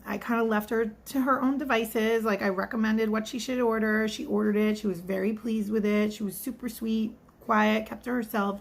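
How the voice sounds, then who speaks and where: This vlogger, a restaurant server in her thirties or forties, speaks with a medium pitch and noticeable vocal fry. She chats her way through a story with rambling asides, performing the quoted voices herself.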